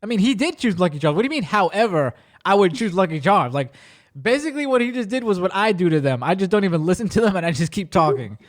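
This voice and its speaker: A podcast host with a high-pitched voice talks fast, casually telling a story. He's animated and acts out the voices of the other people in it.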